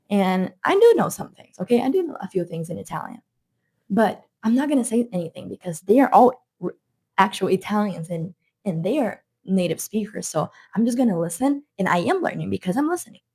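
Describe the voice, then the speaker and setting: A woman's voice: mid-range voice, darkish tone, husky. A woman with a non-native accent, a language coach giving an earnest motivational talk to camera, repeating her points for emphasis.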